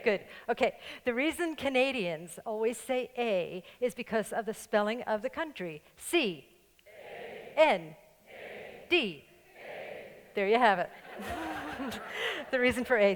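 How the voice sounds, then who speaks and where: An older woman pastor with a slight New York accent, giving a playful, joking sermon and laughing along with her congregation. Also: on the high side. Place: church sanctuary with congregation. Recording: long church-hall reverb.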